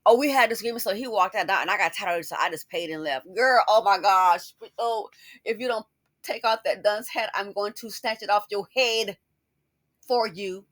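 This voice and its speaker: A woman's voice: mid-range voice, normal speed, a bit bright, no echo, clean studio sound. A woman giving sassy, scolding commentary in a casual style. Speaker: commentary host.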